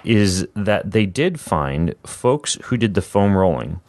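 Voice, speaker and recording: A man with a very low voice hosts a podcast, talking in a relaxed, rambling way and often restarting his sentences. The recording is close and dry, with no room sound. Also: slow pace, no echo. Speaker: podcast host. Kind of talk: casual podcast chat. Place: Spokane.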